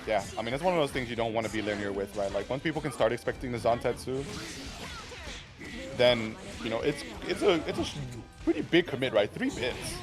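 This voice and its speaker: A man's voice: mid-range voice, very animated, fairly quick, music in the background. Analytical male esports commentator. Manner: analytical, filler-heavy, says "right?" often. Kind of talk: live fighting game commentary.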